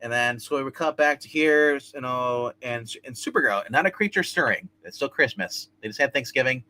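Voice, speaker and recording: A man's voice: mid-range voice, brisk, bright, forceful tone, low-quality recording. A man hosting a live comic review, recapping an issue in a rambling, casual way with many fillers and restarts. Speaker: comic review show host.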